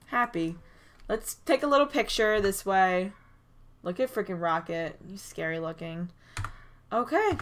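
A woman giving chatty, excitable commentary over a life-sim game, recorded on a desk mic at her computer. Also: medium pitch, a little slow. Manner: chatty and excitable, frequent "oh my gosh" and small gasps. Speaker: gaming YouTuber. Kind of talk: casual gameplay commentary.

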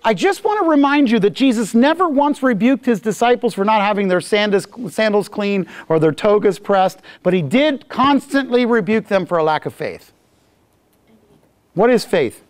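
A Bible teacher lectures to a class with a very lively, swooping voice. The talk is jokey and conversational, moving from read passages to playful asides and acted-out bits. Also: medium pitch, normal speed. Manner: jokey and conversational, acting out scenes.

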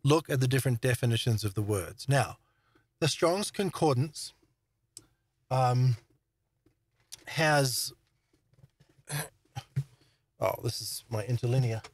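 A man's voice: mid-range voice, animated, slow, pauses often, slightly rough, dry recording. A man giving an informal Bible teaching talk, emphatic, stressing words and checking in with his listeners. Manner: emphatic, repeats words for stress, asks "all right?".

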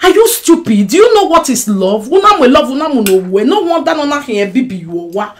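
High-voiced Nigerian woman ranting. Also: sing-song, a little fast, a little hiss or hum. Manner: swings between shouting and muttering, mixing Pidgin and English. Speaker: social media personality. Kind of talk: emotional live-stream rant.

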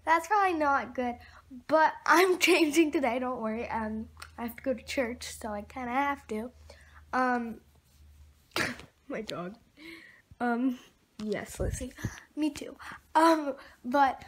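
A teenage girl chatting in a casual home vlog, excitable and giggly, rambling with lots of fillers. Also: high-pitched, takes it slowly, pauses often, slight background noise. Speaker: vlogger. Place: at home with her dog. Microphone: camera mic.

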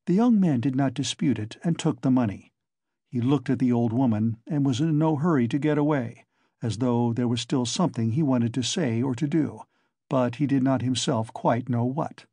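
A man narrating a classic novel as an audiobook, reading in a measured, even way. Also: mid-range voice, slightly rough, dry recording, clean studio sound.

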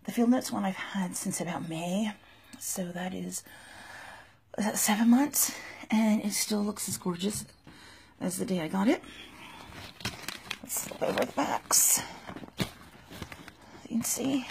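A woman unboxing on her phone camera, excited and out of breath, gushing and often dropping to a whisper. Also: medium pitch, unhurried, gravelly, pauses often, a little hiss or hum. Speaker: vlogger. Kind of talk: unboxing video.

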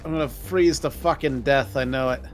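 A man's voice: mid-range voice, fairly even intonation, fairly quick, soft background music. A man streaming a video game with friends, grumbling and swearing heavily, with bursts of laughter. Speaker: gaming streamer. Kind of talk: casual gaming banter.

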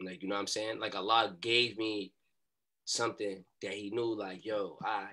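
A young man telling a story as a podcast guest, in animated street talk and acting out what people said. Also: fairly low pitch, normal speed. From New York.

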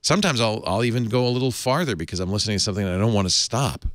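A man's voice: on the low side, animated, rapid-fire, fairly bright tone, dry recording, clean studio sound. A middle-aged man hosting a tech talk show, chatting casually and reading an ad with restarts and asides. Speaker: podcast host.

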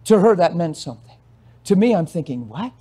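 A man preaching a sermon, telling a story and acting out its conversations, his passion swelling into emphatic shouts. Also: fairly high pitch, animated, fairly quick, husky.

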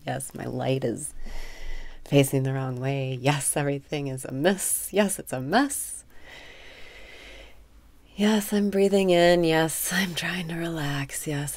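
A woman leading a guided meditation, giving breathy cues and venting her frustration frankly between them. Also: rumbling low. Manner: slow, breathy guidance mixing calm cues with frank, profane venting. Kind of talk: guided meditation with spoken affirmations.

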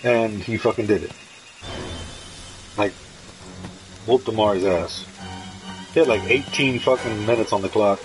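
A man streaming a horror game, talking casually and excitedly with lots of swearing as he hypes up another player. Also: fairly low pitch, unhurried, long pauses, low-quality recording. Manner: excitable, profane, hyping a fellow player. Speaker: gaming streamer. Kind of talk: casual gameplay commentary. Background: game music.

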